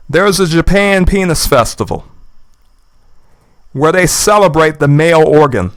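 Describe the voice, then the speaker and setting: Indignant man, smooth, slightly high voice. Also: a bit bright, no echo. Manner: indignant, sarcastic, repeats his points. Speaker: YouTube commentator. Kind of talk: reaction commentary. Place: lives in the United States.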